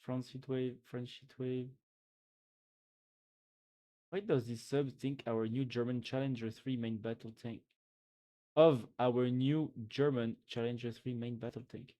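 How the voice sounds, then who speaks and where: A man's voice: medium pitch, steady tone, a little slow, pauses often, warm tone. Young male streamer, casual live reaction chat, irreverent, talks to chat from a home desk mic. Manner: reads memes aloud and comments with laughs and swearing.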